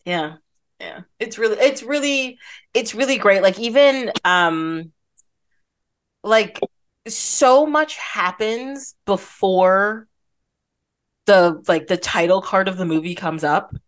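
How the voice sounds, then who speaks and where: A woman hosts a relaxed film podcast. She talks in an animated way and keeps slipping into quoted voices to act out the scenes she describes. Her pitch sits in an ordinary middle range for a woman. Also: slow, long pauses. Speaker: podcast host. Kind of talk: casual film chat.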